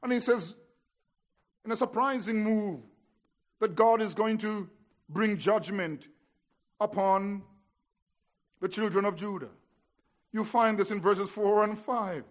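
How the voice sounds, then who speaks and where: A man preaching an expository sermon, telling the story with drama and swinging between hushed lines and emphatic ones. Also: high-pitched, takes it slowly, pauses often.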